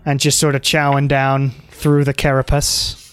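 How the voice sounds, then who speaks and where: A man narrating as game master in a relaxed, halting way, full of fillers, over faint music. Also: medium pitch, smooth, no room sound, studio quality.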